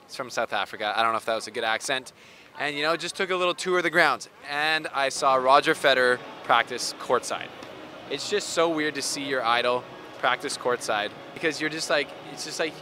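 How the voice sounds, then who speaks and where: A man's voice: mid-range voice, bright, forceful tone, a little hiss or hum. A man hosting a tennis show, chatting casually and joking as he walks around outdoors. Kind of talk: casual vlog chat.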